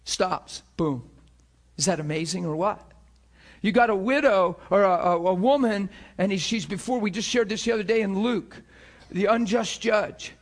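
A male pastor delivers a sermon in a strikingly high voice. He rises to shouted cries, then drops to quiet, intimate passages. He often repeats words and restarts his sentences as he goes. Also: moderate pace. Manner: preaching with swings from shouts to hushed tones.

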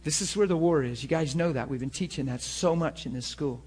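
A man preaching a sermon to a class, talking in an animated, conversational way. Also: a little high, fairly quick, husky.

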